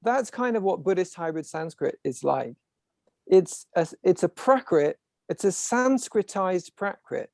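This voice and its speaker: A man's voice: sits high, expressive, unhurried, creaky, a little mellow, no echo, clean studio sound. A man hosting an online discussion group who explains things in a professorial way, with frequent restarts and asides over a video call. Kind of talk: casual explanatory talk.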